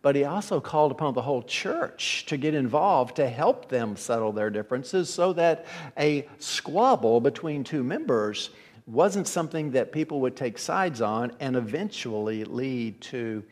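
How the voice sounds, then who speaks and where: Conversational preacher in a reverberant hall. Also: male voice, medium pitch, animated, normal speed, a little mellow. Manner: conversational, repeats words when restarting. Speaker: pastor. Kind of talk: sermon.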